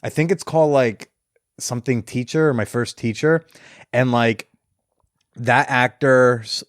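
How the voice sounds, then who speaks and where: A man's voice: medium pitch, a little slow, no echo, studio quality. A man hosting a podcast, chatting casually and rambling through stories with laughs. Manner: rambling, laughs while retelling scenes. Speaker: podcast host. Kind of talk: casual chat.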